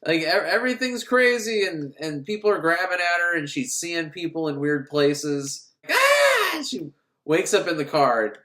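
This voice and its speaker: A man's voice: fairly high pitch, normal speed. A man giving a casual, sarcastic film recap, acting out scenes as he goes. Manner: sarcastic, animated, acts out scenes. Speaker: film reviewer. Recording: roomy echo.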